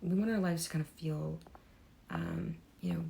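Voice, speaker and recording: A young woman talks to camera in a hoarse, badly worn voice, her low tone cracking into heavy fry and sometimes fading to a whisper. She rambles loosely with many fillers, over a faint hiss of background noise. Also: fairly even intonation, normal speed, mellow. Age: young adult. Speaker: artist vlogger. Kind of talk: unscripted talk to camera.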